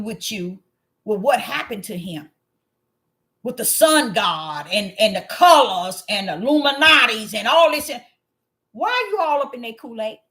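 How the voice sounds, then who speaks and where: Emphatic woman preaching to her viewers. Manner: emphatic, repeats phrases for emphasis; swings between loud exclamations and low muttered asides. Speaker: online religious commentator. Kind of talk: preachy commentary monologue.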